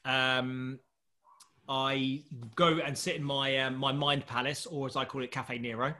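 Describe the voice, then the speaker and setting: A man's voice: medium pitch, a little slow. A man, a startup founder, telling a long anecdote in casual chat, laughing often and doing voices for the people in it. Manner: animated storyteller who laughs often and does voices.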